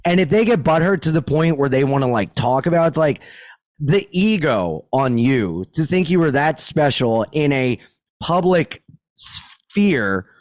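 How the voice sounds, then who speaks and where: A man, a stand-up comedian, talks on a podcast in a fairly high voice that swings lively between bits and impressions. He swears freely and tells stories with a lot of energy. The sound is dry and close, with no room echo. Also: measured pace. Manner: animated, profane, jumps into character voices. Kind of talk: casual podcast chat.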